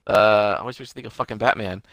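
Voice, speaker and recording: A man co-hosts a podcast with a bright, forward voice, joking and swearing as he reads out details. The sound is dry and close. He keeps a casual, teasing chat going. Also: fairly low pitch, steady tone, fast, no echo, rough recording. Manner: jokey, swears, reads titles out. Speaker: podcast co-host.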